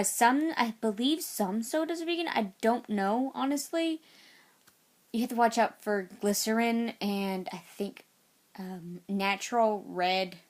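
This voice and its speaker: A woman vlogging casual tips, chatty and rambling, often correcting herself mid-sentence. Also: mid-range voice. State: out of breath.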